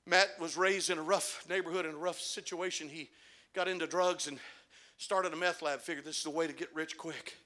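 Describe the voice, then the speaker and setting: A male pastor preaching a sermon, telling stories quietly and then rising to shouted, fervent climaxes. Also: a little high, steady tone, brisk. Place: church sanctuary.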